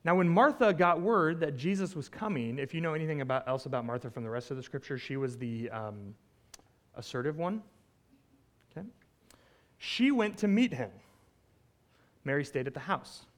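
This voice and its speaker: A man preaching a conversational sermon, retelling a scripture story with animated asides and frequent "right?" check-ins. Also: a little high, normal speed, long pauses. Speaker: pastor.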